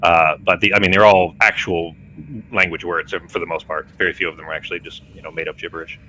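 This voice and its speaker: Deep-voiced rambling game master man. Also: flat delivery, quick pace, pushed and bright, a little hiss or hum. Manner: rambling, many fillers and restarts. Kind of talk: narrating a tabletop game.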